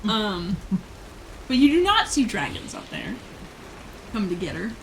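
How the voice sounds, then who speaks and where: Woman game master, slow relaxed narration, frequent fillers, faint hiss behind. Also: medium pitch, vocal fry, poor audio. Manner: relaxed, laughing, many fillers.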